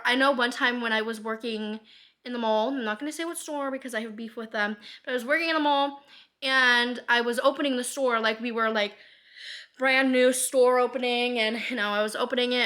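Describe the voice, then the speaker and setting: Chatty, bright-voiced young woman vlogging. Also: on the high side. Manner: rambling with many fillers and frequent laughs; swears casually. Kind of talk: candid personal vlog.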